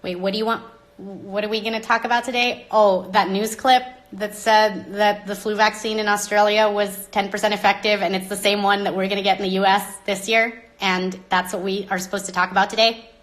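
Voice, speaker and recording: A woman hosting a live stream into her phone, talking dramatically and with exasperation, swinging between loud outbursts and hushed asides. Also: medium pitch, flat delivery, fairly quick. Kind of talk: rambling live-stream monologue.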